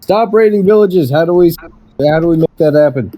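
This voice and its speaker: A man's voice: a little high, a little fast, mellow, low-quality recording. A man playing a tabletop game, speaking in wry, bantering in-character talk. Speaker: player. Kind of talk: casual tabletop game play.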